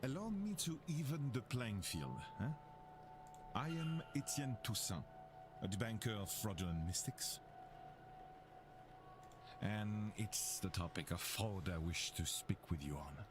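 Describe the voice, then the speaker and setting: A suave French debunker of mystics. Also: male voice, lowish voice, animated, background noise. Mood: probing. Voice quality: measured, formal. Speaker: game character.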